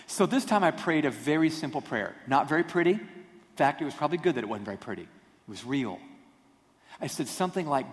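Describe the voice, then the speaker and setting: A man preaching a storytelling sermon, animated and self-deprecating in his humor. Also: a little high, fairly quick. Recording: long hall reverb.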